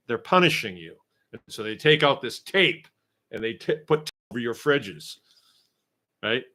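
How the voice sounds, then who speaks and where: A man's voice: mid-range voice, animated, normal speed, pushed and bright. A middle-aged man from Shrewsbury, Massachusetts, hosting a homestead channel and chatting casually while he reads viewer comments, rambling and sarcastic. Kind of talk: casual livestream chat reading viewer comments.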